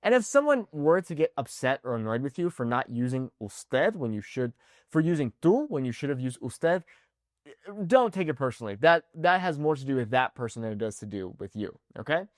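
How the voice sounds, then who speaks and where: A man teaching an online language lesson, animated and often checking in with "okay?". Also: mid-range voice, fairly quick, dry recording, studio quality. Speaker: Spanish teacher.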